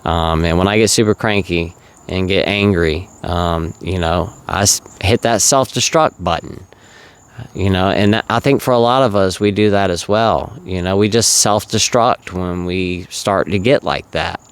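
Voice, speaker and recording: A man's voice: low voice, a little slow, smooth. A man in his thirties from South Carolina, talking casually and earnestly to his viewers, with lots of uhs and you-knows. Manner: rambling, earnest, filler-heavy. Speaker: recovery vlogger. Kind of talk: casual monologue to camera.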